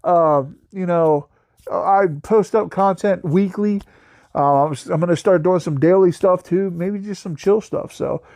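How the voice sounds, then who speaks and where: A man's voice: high-pitched, unhurried, a little mellow, no room sound, clean studio sound. A man hosting his own channel, giving a casual, profane, mocking review of a bad movie. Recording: faint music behind the voice.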